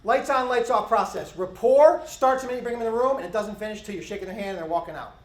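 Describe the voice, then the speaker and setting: A middle-aged man training police officers, giving an animated conference presentation and acting out bits of interview dialogue. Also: sits high, fast. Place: conference hall. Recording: echoey conference hall.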